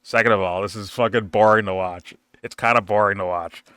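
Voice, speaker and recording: A man's voice: lowish voice, fairly even intonation, brisk, fairly bright tone, clear, resonant tone, no echo, studio quality. A man giving a casual, rambling film review, swearing freely and laughing often.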